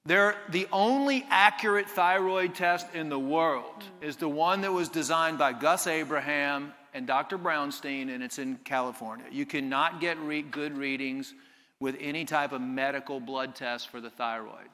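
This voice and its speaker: A man speaking on a conference panel, animated and explaining at length. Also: medium pitch, moderate pace, long reverb tail. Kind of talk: live conference talk. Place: conference stage.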